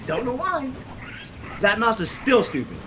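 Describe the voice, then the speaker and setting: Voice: medium pitch, sing-song, unhurried. A gamer ranting animatedly in casual chat over gameplay, swearing a lot. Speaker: gameplay commentator. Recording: noisy recording.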